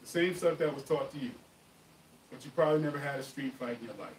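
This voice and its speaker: A man hosting a live martial arts Q&A, telling stories in an animated, emphatic way. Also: mid-range voice, fast talker, recorded from a distance. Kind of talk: live stream chat and storytelling. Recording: echoey room, voice off-mic, faint noise.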